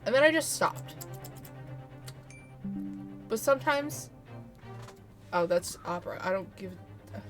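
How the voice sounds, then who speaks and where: A woman chats casually on a game stream, rambling from story to story and laughing often. Her voice sits at an ordinary middle pitch, and faint music plays underneath. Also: lively intonation, a little slow, pauses often. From United States. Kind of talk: casual chat while playing a game.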